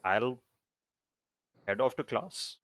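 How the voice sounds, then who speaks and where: A tabletop player playfully narrating their character's moves. The pitch is lively and animated, and the sound is dry and close. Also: takes it slowly, dry recording. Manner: playful, describing actions.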